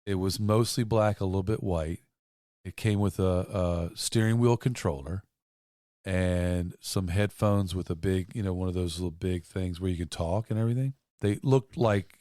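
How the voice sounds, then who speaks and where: A man with a low voice co-hosts a casual podcast chat. He jokes deadpan and spins silly, made-up bargain pitches. The sound is dry and close. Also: no echo. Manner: deadpan joking, tall-tale sales pitches. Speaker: podcast co-host.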